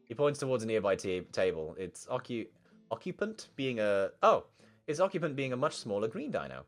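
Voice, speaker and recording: A man's voice: fairly low pitch, sing-song, moderate pace. A young man reading a visual novel aloud and reacting casually, often swearing. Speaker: game streamer. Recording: faint game music underneath.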